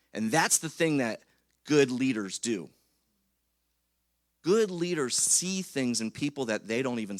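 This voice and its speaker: A pastor with a mid-range voice delivers a conversational sermon in a church, recorded with studio quality and no echo. His style is chatty and jokey, and he keeps checking in with the congregation.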